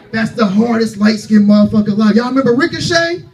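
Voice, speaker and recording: A man in his thirties doing a loud, brash, profane stand-up set to a club crowd. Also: sits high, animated, fast talker, far from the mic. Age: 30s. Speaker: stand-up comedian. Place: comedy club stage.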